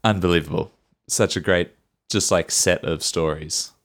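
Playful deep-voiced podcast man. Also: steady tone, moderate pace, a bit bright, no echo, studio quality. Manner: playful and teasing, laughs often. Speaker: podcast co-host. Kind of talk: casual chat.

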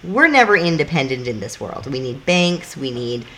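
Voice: mid-range voice, big pitch swings, normal speed, a bit bright. Podcast cohost, casual rambly explainer, swears a lot, mid voice, bit of faint background hiss. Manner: loose and chatty, swears casually, acts out little scenes. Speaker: podcast co-host. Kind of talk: casual chat explaining a topic.

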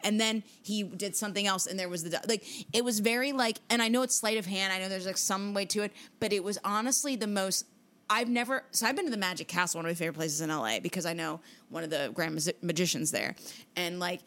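A woman co-hosting a podcast, telling a story in casual chat, animated and full of swearing and fillers. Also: medium pitch, quick pace. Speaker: podcast co-host.

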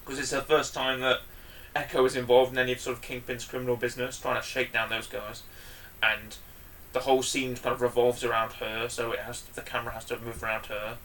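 Guy rambling excitedly on a podcast, bright voice, sounds a little back from the mic. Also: mid-range voice, a little fast, recorded from a distance, a little hiss or hum. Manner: enthusiastic, rambling, loud bursts when excited. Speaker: podcast co-host. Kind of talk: casual chat.

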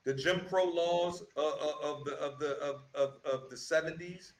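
A man's voice: a little high, steady tone, normal speed, low-quality recording. A man in a casual debate who presses his point insistently and often repeats words.

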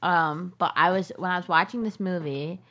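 A young woman co-hosting a podcast in casual chat, animated and joking, often trailing off mid-sentence. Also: on the low side, normal speed. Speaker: podcast co-host.

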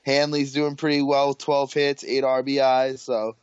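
A man's voice: medium pitch, monotone, normal speed, darkish tone, smooth, no room sound. A man chatting casually about sports, reeling off numbers with plenty of "uh"s and restarts. His voice sits in an ordinary middle range. The recording is dry and a little dull, like a lo-fi podcast mic. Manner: rattles off stats with filler restarts.

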